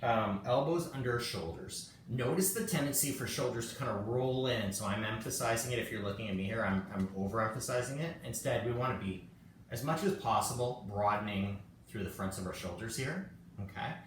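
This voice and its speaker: A man guides a relaxed yoga session in a very echoey room, heard from a camera mic set well back. His talk is loose and chatty, full of little self-deprecating jokes, with a faint hiss under it. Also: mid-range voice, a little fast, recorded from a distance. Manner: chatty and self-joking, laughs often. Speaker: yoga teacher. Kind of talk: casual live-streamed yoga class.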